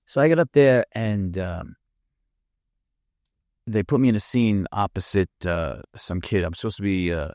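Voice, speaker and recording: A man's voice: on the low side, a little slow, pauses often, a little mellow, no room sound, clean studio sound. A man telling a vivid, profane anecdote in a casual chat. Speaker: guest. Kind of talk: casual storytelling.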